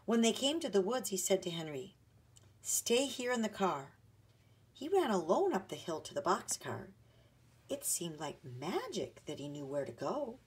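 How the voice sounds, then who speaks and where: A woman reading a children's chapter book aloud with an expressive storytelling manner. Her voice is lowish and a little husky, and it moves lively through the pitches. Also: moderate pace. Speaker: narrator.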